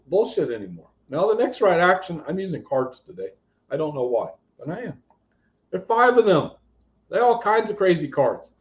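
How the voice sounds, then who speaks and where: A man giving a live spiritual reading and healing, talking bluntly and animatedly, shifting between loud commands and quiet asides. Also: on the high side, dull audio. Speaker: psychic healer.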